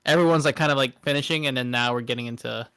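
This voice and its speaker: A young man co-hosts a gaming podcast in a casual chat, his medium-pitched voice racing along with a slightly bright, clean tone. He sounds hesitant and thoughtful, often starting his sentences over.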